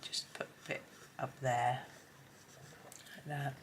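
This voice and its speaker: A hoarse woman with a chatty, rambling manner talks casually while colouring, often dropping to a near whisper. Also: very deep voice, level tone, takes it slowly, slight background noise. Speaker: colouring channel host.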